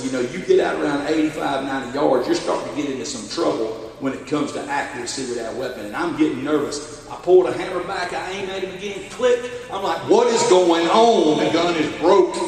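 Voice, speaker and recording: A middle-aged man with a Southern US accent, a sheriff telling a story in a keynote speech in an animated, folksy way. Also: mid-range voice, distant mic, a little hiss or hum. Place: church hall at a benefit dinner. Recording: echoey hall, voice from afar.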